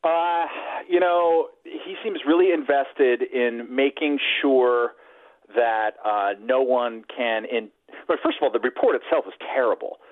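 A man's voice: mid-range voice, a little slow, dry recording. A man speaking as a guest in casual political radio chat, wry and digressive with many fillers. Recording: dry, phone-like narrow line.

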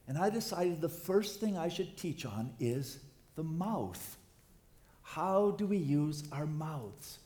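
An older man preaching a sermon as pastor, swinging from quiet asides to loud emphatic peaks. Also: a little high, roomy sound.

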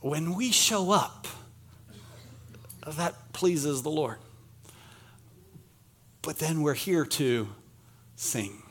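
A man's voice: a little high, animated, drawn-out words, long pauses, husky. A middle-aged man from Pennsylvania preaching a sermon in a church, chatty and self-deprecating, joking with the congregation. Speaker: pastor. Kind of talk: sermon with humorous asides. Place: church sanctuary.

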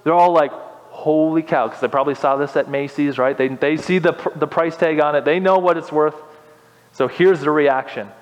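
A young man preaching a sermon as pastor, animated and building to impassioned exhortation. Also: a little high, fairly quick, big-room sound, low-quality recording.

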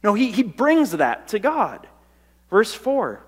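A man with a high voice preaching a sermon. He talks earnestly, stacking emphatic repeated lists and restarting phrases as he goes. A long hall reverb trails his words. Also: huge pitch swings, slow pace, breathy edge. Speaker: pastor.

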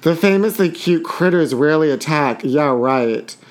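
A man's voice: fairly high pitch, expressive, moderate pace. A man hosting a podcast, reading celebrity gossip aloud with sassy asides. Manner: reads tabloid items aloud with sassy asides and giggles. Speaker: podcast host. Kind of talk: campy gossip commentary.

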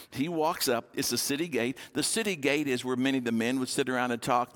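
A male pastor preaching a sermon, retelling a Bible story and acting out its dialogue in a lively storytelling manner. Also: mid-range voice.

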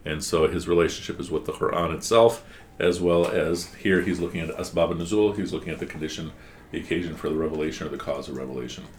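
A man's voice: a bass voice, fast talker, a little hiss or hum. A man teaching a one-on-one class, explaining patiently and asking guiding questions.

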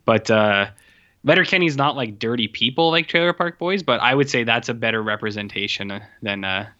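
Worn out albertan guy rambling on a podcast, bright voice, kinda muffled audio. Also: mid-range voice, brisk. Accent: Albertan Canadian. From Canada. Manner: rambling, self-mocking, lots of fillers. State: tired. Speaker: podcast co-host. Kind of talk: casual chat. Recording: dull lo-fi audio.

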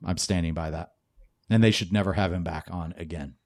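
A deep-voiced man co-hosts a casual podcast, cracking jokes, laughing often, and acting out silly quotes. He speaks fairly quickly, and the studio audio is clean with no echo.

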